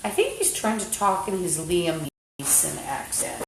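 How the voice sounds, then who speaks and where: A woman's voice: lowish voice, lively intonation, moderate pace, creaky. A woman talking into a phone on a livestream in an agitated, rambling monologue, swearing often. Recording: roomy echo, faint background hum.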